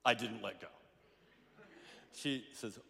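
A man's voice: fairly low pitch, takes it slowly, vocal fry, sharp tone. A man preaching a sermon, telling a story with acted-out voices and many restarts. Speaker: pastor. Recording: hall reverb.

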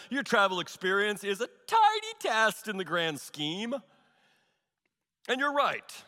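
A male pastor preaching a sermon in a church, telling a story with animated, exaggerated asides. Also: sits high, measured pace, in a large hall. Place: large church hall.

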